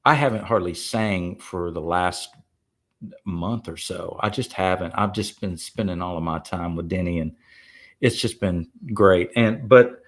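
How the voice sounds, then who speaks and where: A man's voice: sits low, measured pace. A man, a singer-songwriter, chatting casually on a live stream, rambling with many fillers and restarts. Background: faint guitar playing.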